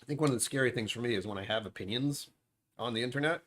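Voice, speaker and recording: A man's voice: medium pitch, fast, fairly bright tone, a little hiss or hum. A man hosting a casual livestream from home, rambling and sarcastic with self-deprecating asides. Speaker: livestream host. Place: at home, dishwasher running nearby.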